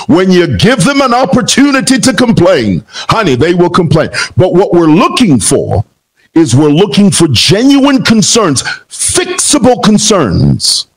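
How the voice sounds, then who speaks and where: A man's voice: on the high side, rough recording. A man from Zambia giving a heated reaction commentary, combative and rhetorical, repeating phrases for emphasis. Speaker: political commentator.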